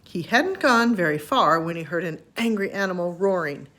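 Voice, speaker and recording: A woman reading a children's chapter book aloud to her grandchildren, expressive and homely. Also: on the low side, moderate pace, hardly any pauses.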